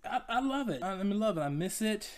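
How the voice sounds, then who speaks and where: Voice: mid-range voice, big pitch swings, moderate pace. Playful podcast host. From Georgia, USA. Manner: playful and chatty, laughs often, talks straight to listeners. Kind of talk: casual solo podcast monologue.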